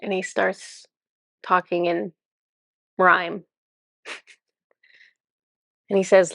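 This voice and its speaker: A woman with a somewhat low voice tells a story straight to camera, chatty and amused, often breaking into laughter. Now and then she sinks into a soft, breathy murmur. The recording is dry and close, with no room sound. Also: level tone, drawn-out words, long pauses, no room sound. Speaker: spiritual channeler.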